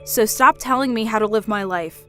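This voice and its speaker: A woman's voice: fairly high pitch, moderate pace, soft background music, natural voice. A woman playing a firm young career woman. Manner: polite but firm, standing her ground.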